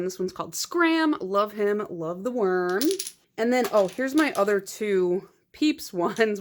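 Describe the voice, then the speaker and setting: A woman's voice: medium pitch, slight background noise. A woman in a casual vlog, chatting through her nail polish collection in a rambling, filler-heavy way. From United States.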